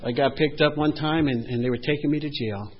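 A man telling a personal story, animated and swinging from loud to hushed. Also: fairly high pitch, a little fast, lo-fi sound.

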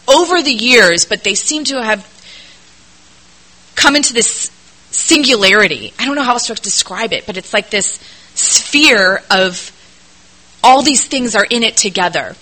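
A middle-aged woman gives a personal testimony to a meeting crowd, her voice bright and forward. She talks candidly and earnestly, poking fun at herself along the way. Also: medium pitch, expressive, measured pace, rough recording. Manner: candid, self-deprecating, earnest. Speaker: speaker sharing her recovery story at a meeting.

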